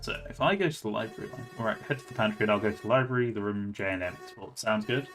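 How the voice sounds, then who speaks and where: A man's voice: on the low side, quick pace, fairly bright tone, faint music behind. A man streaming a story game, reading its narration aloud and breaking off to comment on it. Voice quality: chatty, reads lines out and then reacts to them.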